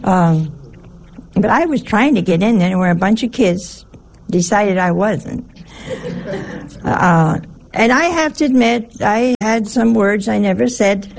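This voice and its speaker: A woman's voice: medium pitch, expressive, takes it slowly, vocal fry, long pauses, slight background noise. A woman giving a conversational sermon in a folksy, humorous way, full of rhetorical questions. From Italian family. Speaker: religious teacher.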